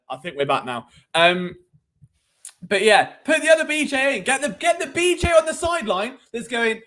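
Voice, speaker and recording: A young man with a British accent rambles through a casual sports live stream, teasing and joking as he goes. His speaking voice sits high for a man. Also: lively intonation, fairly quick, a bit bright. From Britain. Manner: cheeky, rambling, jokey. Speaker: sports show host.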